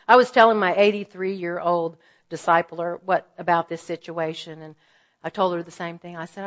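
A woman in her fifties, from Oklahoma, giving a women's ministry teaching talk in an earnest, animated way, with stories and asides. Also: fairly low pitch. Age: 50s. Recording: slightly dull, muffled audio.

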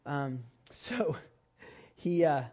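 A man preaching a sermon, telling a personal story and rising to loud, emphatic preaching. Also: a little high, animated, very slow, highs cut off. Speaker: pastor.

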